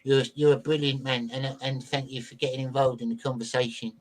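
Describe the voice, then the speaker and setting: A man hosting a livestream podcast in casual chat, chatty and quick to thank his guests. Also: mid-range voice, level tone, slight background noise, rough recording. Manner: chatty, apologetic, thanks people warmly.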